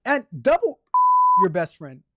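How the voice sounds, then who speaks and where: Animated man hosting a tech career show. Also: high voice, measured pace, no room sound. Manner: animated and exasperated, repeating himself for emphasis; jokey, swings between mock outrage and apology. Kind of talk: live call-in advice show, reading viewer questions.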